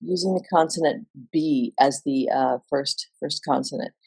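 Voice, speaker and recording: A woman vocal coach explaining singing exercises in a relaxed, instructional way. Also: low voice, normal speed, creaky, slightly rough. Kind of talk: instructional voice lesson.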